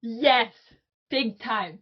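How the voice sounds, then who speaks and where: Young woman guest, Canadian with a faint Southern twang, giggly and upbeat, a touch high, lo-fi. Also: drawn-out words. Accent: Canadian with a slight Southern twang. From Vancouver, Canada. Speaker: guest artist. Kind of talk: casual interview chat.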